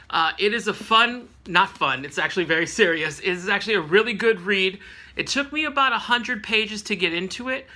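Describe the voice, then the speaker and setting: Bright-voiced man in his late thirties. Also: high voice. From California. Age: late 30s. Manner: rambling, chatty, with frequent fillers and self-corrections. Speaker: book reviewer. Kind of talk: casual book review vlog.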